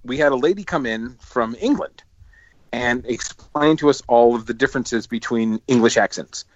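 A man co-hosting a casual podcast chat, telling stories in an animated way with frequent laughter. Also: medium pitch, normal speed. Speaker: podcast co-host. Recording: dry, dull lo-fi mic.

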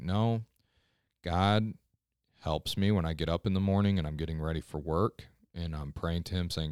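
A man's voice: low-pitched, fairly even intonation, moderate pace, darkish tone, clean tone, no echo, clean studio sound. A man, a pastor, giving an earnest, conversational scripture devotional on a podcast and often checking in with listeners.

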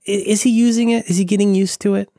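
A man chatting casually about tech as a podcast co-host, excitable and rambling with many restarts. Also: high voice, fast talker, dry recording, studio quality.

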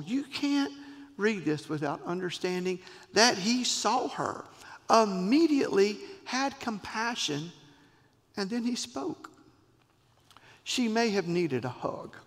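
Gravelly, animated male preacher in a hall. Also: high-pitched. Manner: expressive preaching with dramatic pauses and voiced quotes. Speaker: pastor. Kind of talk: sermon.

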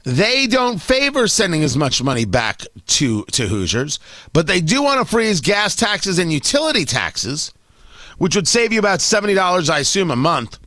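A man's voice: high voice, very animated, moderate pace, bright, forceful tone, no room sound. A male talk radio host giving commentary in a sarcastic, mocking, exasperated way.

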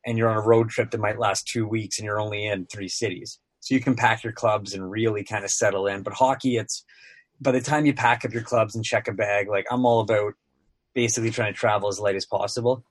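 A man's voice: on the low side, fairly even intonation, a little fast, dry recording. A sports broadcaster guest, a man in his thirties, telling casual stories on a podcast, rambling with lots of filler words.

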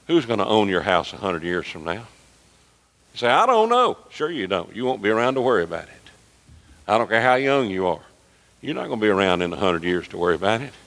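A man preaching a sermon as pastor, emphatic, with dramatic pauses and retold conversations. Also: fairly low pitch, gravelly. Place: church sanctuary. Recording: echoey sanctuary with long reverb.

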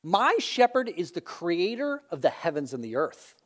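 A man voicing a boastful male sheep who brags loudly and emphatically about his shepherd. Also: on the high side, sing-song, a little fast.

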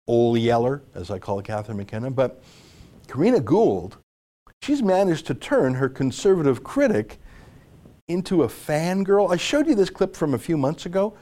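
A man delivers opinionated political commentary with a sarcastic, mocking edge. His voice sits a little higher than most men's. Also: warm tone. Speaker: commentary show host.

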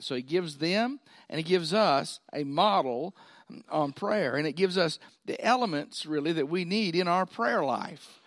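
A man's voice: on the high side, lively intonation, normal speed, a bit bright, dry recording, clean studio sound. A man preaching a sermon, folksy and often checking in with his listeners. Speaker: pastor.

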